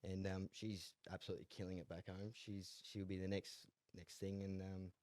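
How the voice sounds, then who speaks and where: Casting: young Australian bloke, low voice, dry close mic, easygoing yarn-spinner. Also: male voice, completely flat delivery, normal speed, a little mellow, no echo. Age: 20s. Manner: laid-back, rambling, laughs often, repeats words. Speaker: guest, jockey and horse trainer. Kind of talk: casual interview storytelling.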